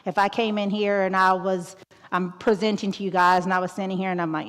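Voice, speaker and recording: A woman's voice: medium pitch, flat delivery, fairly quick, a bit bright. A woman in her thirties giving a school talk as a guest presenter, outgoing and joking, often checking in with "right?". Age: 30s. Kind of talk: school talk on mental health. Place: large auditorium. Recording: long echo of an auditorium.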